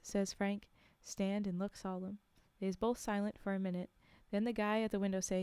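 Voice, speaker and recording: A woman reading a story aloud on a livestream in a relaxed, chatty way, with asides to her listeners. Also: medium pitch, normal speed, few pauses, smooth, dry recording.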